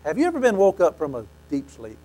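A man preaching a sermon, telling stories animatedly and acting out quoted lines, often clearing his throat. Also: on the high side, huge pitch swings, quick pace, mellow, low-quality recording.

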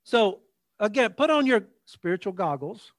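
A male preacher with a high voice, delivering an emphatic sermon. He draws out scripture verses slowly, repeats phrases, and calls on listeners to speak along. The sound is dry and close. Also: very animated, no echo. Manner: leads the congregation in call-and-response.

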